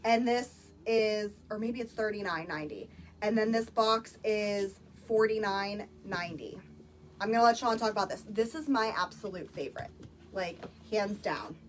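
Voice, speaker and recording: A woman's voice: mid-range voice, moderate pace, a little hiss or hum. A woman chatting casually on a phone livestream, showing products to viewers with lots of filler words. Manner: chatty, filler-heavy, addresses viewers as "you guys". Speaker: social-selling vlogger. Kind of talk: casual live product demo. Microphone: phone, live stream.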